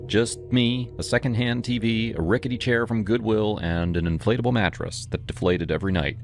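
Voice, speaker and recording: A man's voice: fairly low pitch, brisk. A man narrating a first-person horror story in a dramatic, scripted storytelling manner. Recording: music bed under the voice. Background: music.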